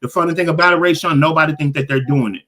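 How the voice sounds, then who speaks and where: A middle-aged man co-hosting a casual podcast, reading out viewer comments with lively, preacher-like emphasis. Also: a little high, very fast, slight background noise. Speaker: podcast co-host.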